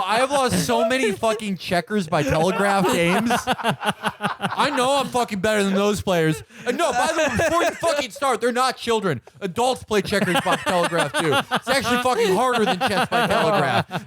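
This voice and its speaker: A man in a comedic tabletop game who rants crudely and defensively. His voice is high, and his pitch jumps around a lot. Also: expressive, moderate pace, a bit bright. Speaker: player. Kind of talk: comedic banter.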